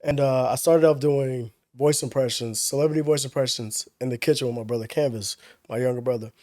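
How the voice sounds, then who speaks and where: A young man telling stories in casual chat as a podcast guest, relaxed and full of slang. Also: mid-range voice, brisk, dry recording, studio quality. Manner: laid-back slang-heavy storytelling, laughs often.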